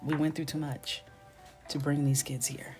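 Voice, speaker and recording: Playful low-voiced woman telling stories. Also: moderate pace, faint music behind. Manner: playful, animated storytelling, drops to whispers. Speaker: illustrator streaming coloring. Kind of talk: casual live-stream chat while coloring.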